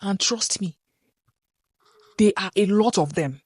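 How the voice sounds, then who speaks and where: A woman's voice: mid-range voice, takes it slowly, a little mellow, breathy edge, dry recording, clean studio sound. A woman from Nigeria, hosting opinion commentary in an earnest, insistent way, firing rhetorical questions. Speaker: commentator host.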